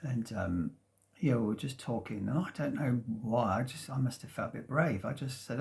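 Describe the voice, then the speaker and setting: Gravelly man rambling at home. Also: medium pitch, moderate pace. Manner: hesitant and meandering, with frequent restarts and soft chuckles. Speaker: vlogger. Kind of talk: casual rambling storytelling. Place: at home, sitting in a sunlit room.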